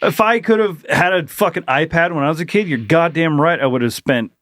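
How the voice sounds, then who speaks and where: A man's voice: a little high, a little fast, fairly bright tone, dry recording, clean studio sound. Casual swearing male podcast co-host. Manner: rambling, emphatic, swears freely. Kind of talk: casual chat.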